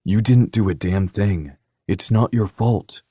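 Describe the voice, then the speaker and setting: A man voicing a restless, protective young man in an audiobook, speaking in a gruff, clipped way. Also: fairly low pitch, a little slow, mellow, no room sound, studio quality. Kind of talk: audiobook character voice.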